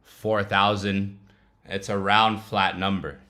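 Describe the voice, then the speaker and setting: A young man with a low, deep voice talks through his trading charts in a loose, chatty vlog. His speech is slangy and relaxed, with quick laughing asides. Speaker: trading vlogger.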